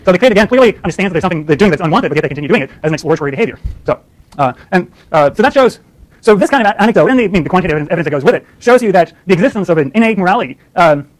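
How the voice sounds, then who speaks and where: A man lecturing at a rapid clip, his voice sitting a bit high. He often stops himself mid-thought and starts over, and he checks in with his listeners by asking "right?" again and again. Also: lively intonation, low-quality recording. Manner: lots of fillers and restarts, asks "right?" often. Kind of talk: university lecture.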